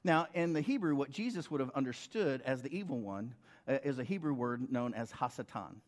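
A man's voice: mid-range voice, expressive, a little fast. Middle-aged male pastor, casual preaching voice, checks in with the congregation. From United States. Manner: conversational, rhetorical questions to the congregation. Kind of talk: sermon.

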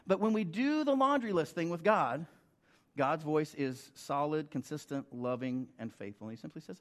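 A man's voice: on the high side, lively intonation, a little fast. Middle-aged male pastor, casual preaching voice, checks in with the congregation. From United States. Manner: conversational, rhetorical questions to the congregation. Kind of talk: sermon.

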